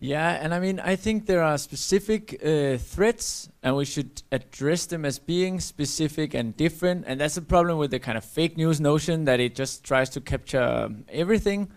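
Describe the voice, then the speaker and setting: A man's voice: on the high side, lively intonation, normal speed, few pauses. A man on a discussion panel, speaking in a direct, conversational way.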